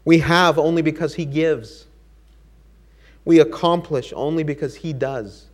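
A man's voice: on the high side, fairly even intonation, measured pace. Brief: male preacher, earnest sermon delivery, rhythmic and exhorting.

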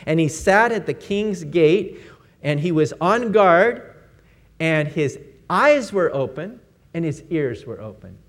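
High-voiced man preaching with emphatic repetition. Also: very animated, slow pace. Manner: emphatic, repeats words, asks rhetorical questions. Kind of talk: sermon.

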